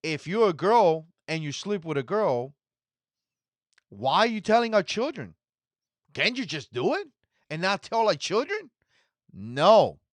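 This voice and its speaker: A man's voice: sits high, big pitch swings, a little slow, long pauses, dry recording. A man in his forties hosting a reaction commentary video, talking in an indignant, repetitive way. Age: 40s. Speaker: commentary channel host.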